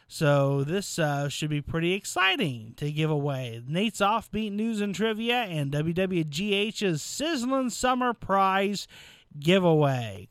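A man's voice: on the high side, clear, resonant tone, dry recording. A man hosting a local radio call-in trivia show, friendly and chatty with callers.

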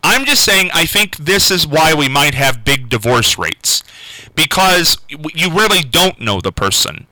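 A man hosting a call-in radio show, talking unscripted and halting, often repeating words and restarting. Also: on the high side, very animated, pushed and bright, no echo, poor audio. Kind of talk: casual unscripted call-in talk.

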